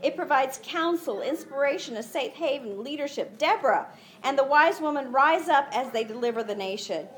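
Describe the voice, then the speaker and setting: A woman gives a conversational Bible teaching to other women, animatedly acting out quoted lines with a rising voice and saying "you know" frequently. Her voice sits high at a normal speed, with a little hiss or hum in the recording.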